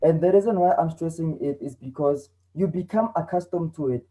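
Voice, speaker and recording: A man's voice: a little high, a little fast, warm tone, rough recording. A man teaching an online English lesson, explaining patiently and repeating himself with a lot of "okay". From South Africa. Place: home.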